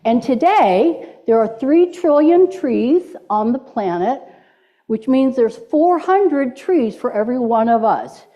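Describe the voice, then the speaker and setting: Slow, lively woman preaching in church. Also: fairly high pitch. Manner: playful, leads the congregation in call-and-response. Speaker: minister. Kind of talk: sermon with audience participation. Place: church sanctuary. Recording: dull lo-fi church recording.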